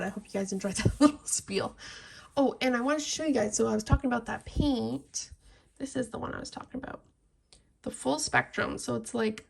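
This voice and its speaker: A young adult woman with a higher voice and vocal fry hosts a colouring channel, chatting frankly and telling her viewers a story as she colours. There is slight background noise.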